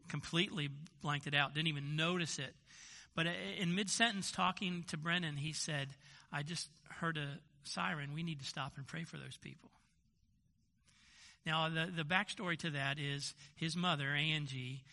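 A man's voice: a little high, bright, forceful tone. An older man, a grandfather and pastor, preaching a sermon in a conversational storytelling way, often restarting his sentences. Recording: long hall reverb.

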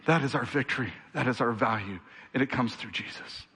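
A man's voice: medium pitch, lively intonation, normal speed, slightly rough. A male pastor preaching a sermon, talking straight to his congregation and building to fervent, rhythmic peaks before easing back into a conversational tone. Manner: builds to fervent rhythmic crescendos, then quiets; direct, conversational address to the congregation.

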